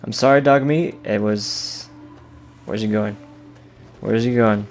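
A man's voice: fairly low pitch, takes it slowly, faint music behind. A man giving casual let's-play commentary, joking and rambling and swearing freely as he plays. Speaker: gameplay commentator.

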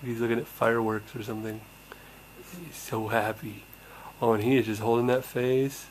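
A man's voice: medium pitch, level tone, normal speed, slight background noise, rough recording. A young man, a parent, narrating a home video in cooing baby talk with little gasps.

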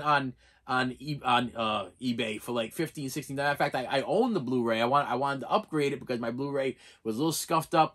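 A man's voice: medium pitch, fairly bright tone. A man hosting his own channel, rambling in a casual vlog, tripping over and repeating words as he thanks a viewer sincerely. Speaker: channel host.

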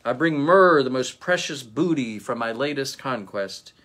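A man voicing a proud, mighty warrior who declares his gift loudly. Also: medium pitch, lively intonation, normal speed, slightly rough.

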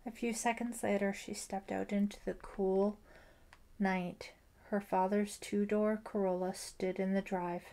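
Slow-paced woman reading a thriller. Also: medium pitch, flat delivery, dark tone. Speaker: audiobook narrator. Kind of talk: scripted narration.

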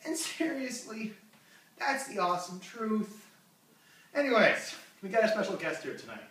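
A man's voice: high voice, big pitch swings, normal speed, fairly bright tone. A man hosting a comedy show, rambling through a jokey monologue and losing his train of thought. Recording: echoey room, far from mic.

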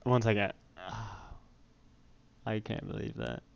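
A man hosting a let's play, chatting casually while gaming and breaking into loud startled exclamations. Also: lowish voice, steady tone, drawn-out words, vocal fry, lo-fi sound, slight background noise.

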